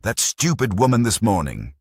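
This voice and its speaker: A man's voice: on the low side, sing-song, moderate pace, vocal fry, breathy edge, dry recording, clean studio sound, voice pushed up, full character voice. A man voicing a deranged young man who talks in a childlike, unhinged way. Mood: gleeful.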